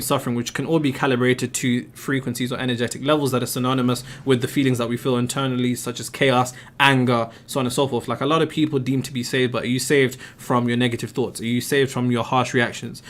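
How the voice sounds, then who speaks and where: Emphatic male host answering questions. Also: medium pitch. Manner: emphatic, explains with rhetorical questions. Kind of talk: live stream Q&A.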